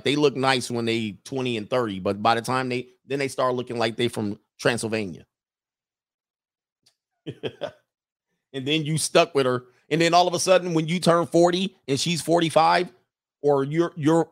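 A man's voice: a little high, dry recording, clean studio sound. Joking man hosting reaction commentary. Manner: joking, animated, laughs often. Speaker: host.

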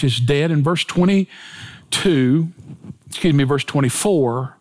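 A man preaching a sermon with emphatic delivery and dramatic swings in pitch and pace. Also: big pitch swings, takes it slowly. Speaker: pastor.

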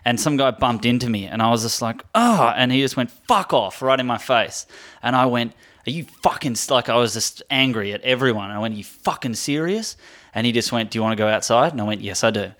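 A comedian guest, a man, telling a story in casual podcast chat, a little halting, with restarts. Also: medium pitch, a bit bright.

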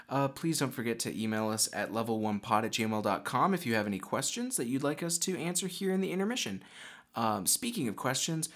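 A man hosting a tabletop podcast and narrating the game in a relaxed, casual way. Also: medium pitch. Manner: relaxed, many ums and uhs. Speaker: podcast host and game master.

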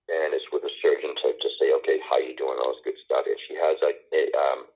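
A middle-aged man telling stories as an interview guest, halting with many restarts and fillers, and a wry sense of humor. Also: a bass voice, flat delivery, slight background noise. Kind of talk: casual storytelling conversation. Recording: tinny phone line.

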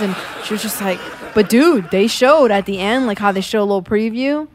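A woman podcast co-host casually recapping a show, profane and animated, acting out quotes as she tells it. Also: mid-range voice, fairly quick, noisy background.

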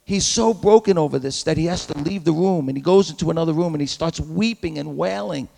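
A man's voice: a little high, a little fast, gravelly, mellow. A man preaching a sermon as a pastor, dramatic, acting out the voices of the figures he tells about. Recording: long hall reverb.

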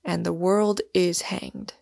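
A woman reading the part of a sullen young male undergraduate who speaks with soft, unsettling tenderness. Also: level tone, slow, gravelly, no echo, clean studio sound, heavily acted. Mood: gently menacing. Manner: soft, low-key tenderness.

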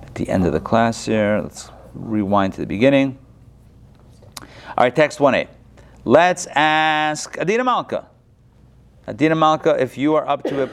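A man teaching an online Torah class over a video call, retelling the text in casual modern speech. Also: medium pitch.

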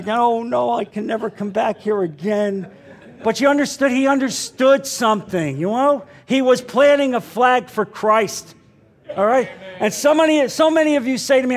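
A man's voice: extremely high pitch, moderate pace. A man preaching a sermon in an emphatic way, repeating lines and putting questions to his listeners. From New Jersey.

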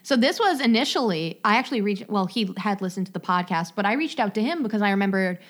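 A woman's voice: medium pitch, animated, fast talker. Chatty young woman co-hosting a podcast. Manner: joking, self-deprecating, chatty. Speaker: podcast co-host. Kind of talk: casual chat, reading a listener story aloud.

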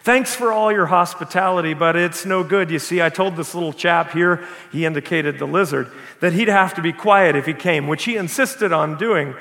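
A man's voice: a little high, pushed and bright. Man reading a flustered, stammering ghost. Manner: stammering, apologetic, excuse-making. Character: flustered, evasive male ghost from hell. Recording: echoey hall with long reverb.

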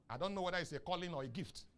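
A Nigerian man preaching a sermon, asking the congregation questions and rising into shouts on key lines. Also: high-pitched, a little hiss or hum. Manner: asks the crowd questions and waits for answers. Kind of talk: sermon with call and response.

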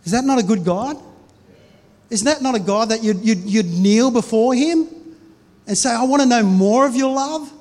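A man's voice: very high-pitched, moderate pace, a little mellow. A man in his forties, a pastor preaching a sermon in a conversational, storytelling way with frequent restarts. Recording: reverberant hall.

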